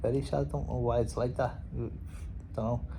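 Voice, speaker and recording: A man's voice: medium pitch, little pitch movement, normal speed, gravelly, mellow, a little hiss or hum, poor audio. A young man with a Scouse accent, a boxer rambling casually in a vlog, swearing and laughing as he talks. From Liverpool, England. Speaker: boxer and vlogger.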